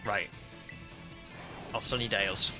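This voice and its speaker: A man's voice: lowish voice, fairly even intonation, takes it slowly, over music. A young man with a northern English accent and a slight Scouse twang, chatting casually on a live stream and reading viewer comments aloud. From northern England.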